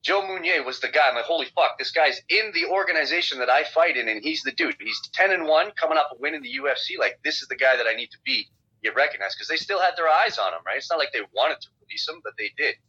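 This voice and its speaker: A man's voice: fairly high pitch, quick pace, slightly rough. A man, a professional fighter, talking bluntly and profanely in a casual phone interview. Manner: blunt, profane, animated storytelling. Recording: dull lo-fi phone call audio.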